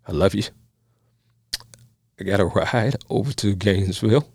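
A man's voice: fairly low pitch, normal speed, gravelly, a little mellow, slightly rough, no echo. A man, a minister, telling his own story in a sermon and encouraging his listeners. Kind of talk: testimony sermon.

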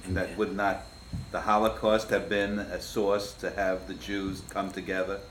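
A male interviewer asking measured, probing questions. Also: low voice, flat delivery, fairly bright tone, slight background noise. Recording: roomy echoing room.

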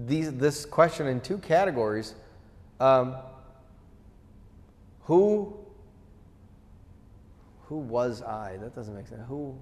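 A man's voice: medium pitch, gravelly, a little mellow. A man preaching a conversational sermon as pastor, asking questions and acting out quotes in a casual way. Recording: long hall reverb.

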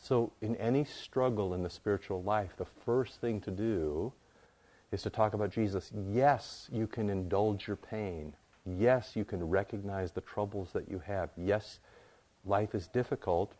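A male pastor, speaking a little slowly, delivers his sermon casually and conversationally. His voice is on the low side, and he stacks up emphatic, repeated phrases to build his points.

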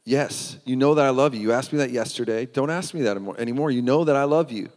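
A man's voice: mid-range voice, quick pace, a little mellow, close to an everyday voice. A young girl guarding her beloved pearl necklace, told by a man in his everyday voice. The voice rings out into a big, echoing hall. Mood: pleading. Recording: long hall reverb.

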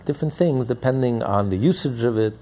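Guy lecturing on hasidic text, gravelly low voice, lots of rhetorical questions. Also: lively intonation, brisk, warm tone, a little hiss or hum. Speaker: Torah teacher.

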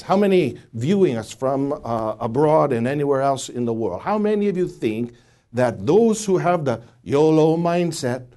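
Male preacher, middle-aged, lively rising and falling delivery, teaching to a studio audience. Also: fairly high pitch. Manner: animated, questioning the audience, many restarts.

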